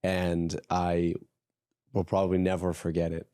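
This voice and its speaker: A man hosting a podcast, telling a story in a relaxed, hesitant way in casual interview chat. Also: sits low, unhurried, clear, resonant tone, no echo, studio quality. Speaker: podcast host.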